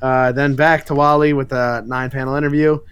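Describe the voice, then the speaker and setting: A man's voice: mid-range voice, a little fast, smooth, no echo. A man co-hosting a podcast, casually recapping a comic book with laughs and exasperated asides. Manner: animated retelling, laughs often, exasperated asides. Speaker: podcast co-host.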